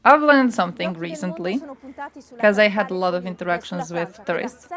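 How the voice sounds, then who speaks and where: A woman's voice: on the low side, normal speed, crowd noise. A young woman chatting casually on a livestream, ranting bluntly and swearing often.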